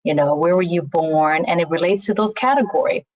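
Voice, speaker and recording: In a relaxed webinar on interviewing, a woman recruiter speaks briskly in a voice on the low side, over a video call. Sentence restarts and frequent "you know"s mark her talk, and the online audio is dry and slightly muffled.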